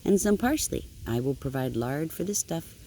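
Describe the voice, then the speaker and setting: A sly fox gentleman from a storybook, all smooth manners and courtesy, as an older woman reads him aloud. The voice is mellow and unhurried, with a faint hum of the room behind it. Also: low voice, animated. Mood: courteous.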